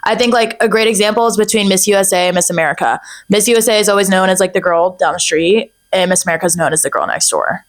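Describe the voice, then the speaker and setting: A young woman talking as a podcast guest in a casual chat, chatty and animated, with many fillers. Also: medium pitch, fast talker, hardly any pauses. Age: young adult.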